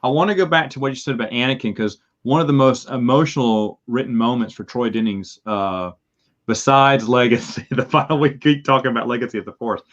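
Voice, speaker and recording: Animated man, slightly muffled recording. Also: brisk. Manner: animated, acts out his reactions with sudden high yelps. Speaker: podcast co-host. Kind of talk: casual chat. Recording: slightly dull, lo-fi sound.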